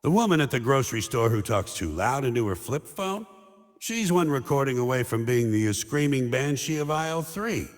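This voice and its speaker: A man's voice: medium pitch, expressive, normal speed. Sardonic older man ranting in a hall. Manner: ranting, mocking, punchy short lines. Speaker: stand-up comedian. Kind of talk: sardonic stand-up monologue. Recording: long hall reverb.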